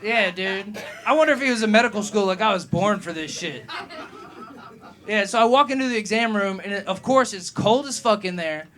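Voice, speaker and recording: A crowd can be heard as a young stand-up comedian delivers a rambling, profane open-mic set at a comedy club. His voice is high-pitched and a little fast, he laughs at his own material, and he grows loud and heated while firing back at a heckler.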